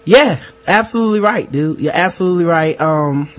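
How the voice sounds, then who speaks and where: A man's voice: fairly high pitch, fairly quick, a crowd in the background. A man co-hosting a podcast in casual, profane, emphatic chat. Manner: profane, emphatic, mimics others. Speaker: podcast co-host.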